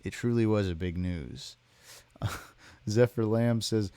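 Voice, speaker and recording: A tired man with a low voice reads chat messages aloud on a live stream and answers each one in a deadpan, rambling manner. The sound is dry and close, with no room around it. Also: takes it slowly, no echo. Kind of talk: casual chat.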